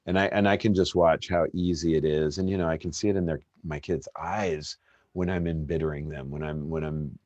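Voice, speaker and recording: A man in his thirties with a very low voice gives a casual devotional as a pastor. He rambles in a relaxed way, full of fillers and restarts. The sound is dry and close. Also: a little fast, no echo, lo-fi sound. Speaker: pastor hosting a Bible study.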